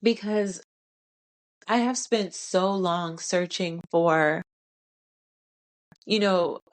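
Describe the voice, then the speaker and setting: A woman's voice: lowish voice, very slow. A young woman in a candid personal vlog, talking casually with slang, emotional and tearful with a stuffy nose. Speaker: vlogger.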